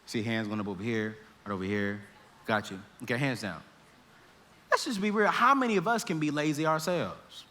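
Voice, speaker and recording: A man giving a comedic storytelling talk to students, animated and laughing as he acts out scenes. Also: medium pitch, moderate pace. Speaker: speaker to students. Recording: echoey hall.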